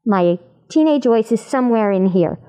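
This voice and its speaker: Woman voice actor chatting in an interview, warm mellow tone, lively and showing off voices. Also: a little high, moderate pace, smooth. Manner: animated, demonstrates voices while explaining. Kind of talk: convention interview chat.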